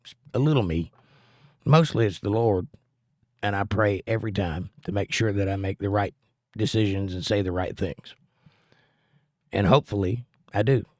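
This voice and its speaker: Earnest low-voiced American man teaching. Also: moderate pace, pauses often, darkish tone, no echo, studio quality. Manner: plainspoken, earnest, preacherly. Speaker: livestream host and Bible teacher. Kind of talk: casual chat and Bible teaching.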